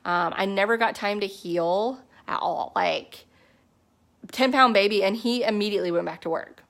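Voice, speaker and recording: A woman in her thirties tells her own story in a loose, chatty way. She fills her talk with "like" and quick asides. Her voice sits at an ordinary middle pitch and lifts sharply when she quotes herself. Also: creaky. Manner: chatty, animated storytelling with many fillers. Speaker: network marketing distributor. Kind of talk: casual personal testimony to a team.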